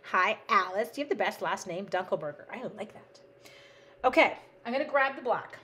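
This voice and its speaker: A woman's voice: mid-range voice, animated, a little fast, pushed and bright, a little hiss or hum. Bubbly, chatty woman crafting live. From Canada. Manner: bubbly, playful, chatty, talks to her supplies. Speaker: live-stream crafting host. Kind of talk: casual live-stream chat with viewers.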